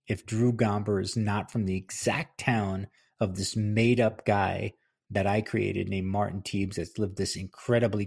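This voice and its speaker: A man's voice: on the low side, gravelly, a little mellow, breathy edge. A middle-aged man from New Jersey, hosting a podcast and telling a rambling story with fillers and self-corrections. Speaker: podcast host and author. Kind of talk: casual storytelling monologue.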